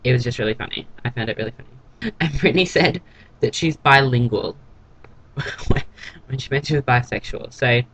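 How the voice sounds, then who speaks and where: A young-sounding man, chatting straight to camera in a casual vlog recap. His voice sits at an everyday middle pitch, and his tone is catty and sarcastic as he dishes out gossip. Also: moderate pace, long pauses, fairly bright tone, low-quality recording. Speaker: TV episode reviewer.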